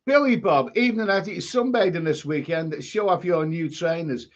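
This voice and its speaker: A man's voice: fairly high pitch, normal speed, lo-fi sound. A man with a Scouse accent hosting a live stream, chatting casually and rambling through viewer comments with many restarts. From England.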